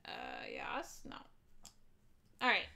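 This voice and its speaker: Hosting a casual board game live stream, a woman sounds upbeat, pushed, and bright. She laughs easily, cheers, and greets her viewers.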